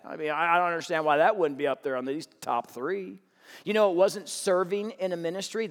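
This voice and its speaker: A man with a high, light voice delivers a sermon, telling stories with playful humor. The long reverb of a large hall rings behind his words. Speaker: pastor.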